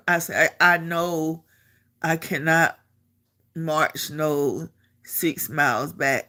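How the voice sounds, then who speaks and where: A middle-aged woman and army veteran, casually telling a story to the camera in an animated way, often repeating herself and laughing. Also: sits low, takes it slowly.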